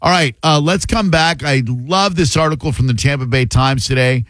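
A man's voice: on the high side, moderate pace, a bit bright, no echo. A man hosting a talk radio show, chatting loosely and joking with his co-host and callers. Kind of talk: casual talk radio chat. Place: radio studio. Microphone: studio mic.

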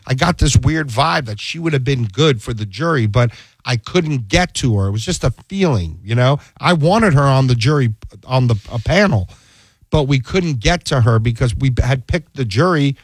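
A male defense attorney spins a story in a casual interview, slipping into the voices of the people he quotes. His pitch sits in an ordinary middle range, and the recording is close and dry with no room sound. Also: normal speed, slightly rough, no echo. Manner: animated storyteller who acts out the dialogue he quotes; frequent restarts and checks with the listener.

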